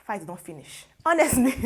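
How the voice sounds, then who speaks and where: A woman with a Nigerian accent hosting a casual gossip commentary, animated and opinionated, slipping into pidgin phrases, recorded on a lapel mic in a studio. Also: fairly high pitch, measured pace, background noise. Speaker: host.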